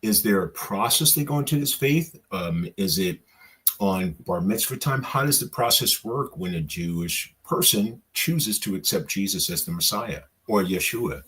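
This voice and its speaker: A man interviewing a guest, asking thoughtful questions in a halting, casual way. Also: on the low side, lively intonation, a bit bright, breathy edge. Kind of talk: conversational interview.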